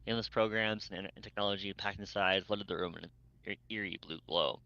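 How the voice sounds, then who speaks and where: A man's voice: on the low side, steady tone, fairly quick, sharp tone. A man reading fanfiction aloud, stumbling and restarting words as he goes. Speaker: fanfic reader. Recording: dull lo-fi mic, dry.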